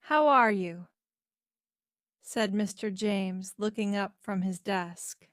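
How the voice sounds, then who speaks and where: Slow clear woman reading a story. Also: mid-range voice, dry recording, studio quality. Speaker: narrator. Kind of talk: graded reader story narration.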